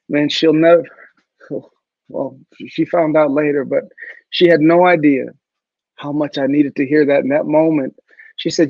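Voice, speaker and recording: A man speaking as a guest in a video call interview, an animated storyteller who acts out the voices he quotes. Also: on the high side, measured pace, gravelly, pauses often, no room sound, lo-fi sound.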